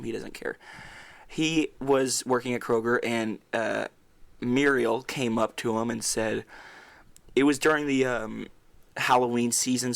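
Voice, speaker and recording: A young man with a gravelly, creaky voice talks loosely on a podcast. He rambles through stories, swears freely and laughs often. His pitch sits at a middle level for a man. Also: fairly bright tone. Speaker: podcast co-host. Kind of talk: casual chat.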